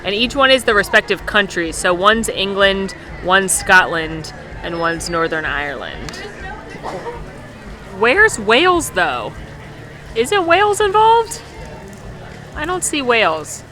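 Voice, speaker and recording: A woman's voice: mid-range voice, very animated, slow, long pauses, sharp tone. A woman hosting a casual walking-tour vlog outdoors at a theme park, chatty and upbeat, joking and correcting herself as she goes. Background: music.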